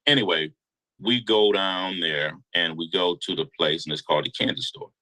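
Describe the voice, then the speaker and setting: A man telling a long story in a casual interview, animated and slangy. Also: low voice, normal speed, rough recording. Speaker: guest storyteller.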